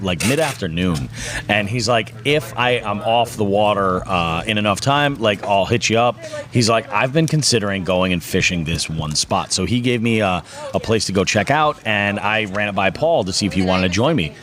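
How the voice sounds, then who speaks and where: A man's voice: fairly low pitch, fairly bright tone. A man hosting a fishing podcast in casual chat, rambling along with many fillers and restarts.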